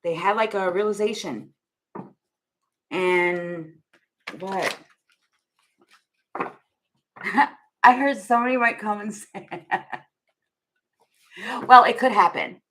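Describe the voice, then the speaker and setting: A woman's voice: medium pitch, slow, pauses often, a bit bright, slight background noise. A young woman giving a casual tarot reading to camera, rambling and laughing often as she thinks aloud. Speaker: tarot reader.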